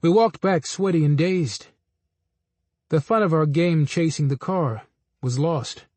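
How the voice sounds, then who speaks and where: Man narrating a memoir, steady and measured. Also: a little high, no echo.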